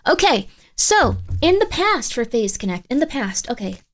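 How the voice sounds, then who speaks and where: Chatty, high-voiced woman streamer. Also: very animated, normal speed, a bit bright. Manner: chatty, rambling, thanks viewers by name. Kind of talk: casual livestream chat with tarot reading.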